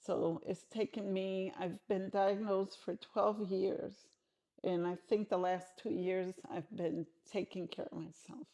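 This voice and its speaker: A woman's voice: mid-range voice, steady tone, a little slow, dark tone. A middle-aged woman answering interview questions frankly and conversationally, often restarting her sentences.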